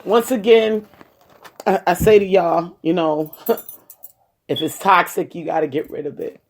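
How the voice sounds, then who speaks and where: A woman's voice: lowish voice, steady tone, unhurried, slight background noise. A woman giving a heartfelt personal talk, speaking directly to her listeners and repeating her points with emphasis. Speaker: personal storyteller addressing viewers.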